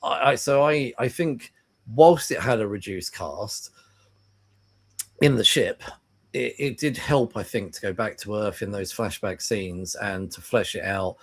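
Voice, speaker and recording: A man co-hosting a casual film review podcast, telling lively stories, acting out both sides of conversations and swearing freely. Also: lowish voice, measured pace. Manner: animated storyteller who acts out dialogue and swears. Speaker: podcast co-host.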